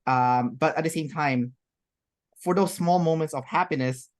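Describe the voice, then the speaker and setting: A woman's voice: deep voice, normal speed. A woman as an interview guest, talking in a rambling, chatty way with many fillers and restarts. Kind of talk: casual interview chat.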